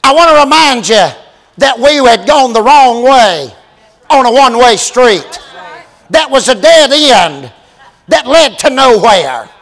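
A man preaching a storytelling sermon, animated and building to shouted exclamations. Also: very high-pitched, a little slow. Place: large church sanctuary. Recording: long reverb of a large hall.

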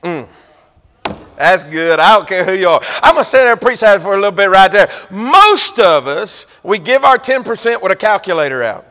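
Pastor, man, drawl, high voice, preaches folksy and teasing, loud bursts then quiet asides; reverberant church hall. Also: very animated, normal speed. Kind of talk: sermon.

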